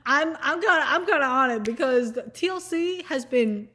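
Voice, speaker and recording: A woman's voice: high voice, expressive, moderate pace, pushed and bright, slight background noise. A woman, chatting casually in a rambling, swearing, giggly vlog style. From Southern United States. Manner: rambling, profane, giggly, lots of fillers. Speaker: vlogger. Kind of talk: casual chat.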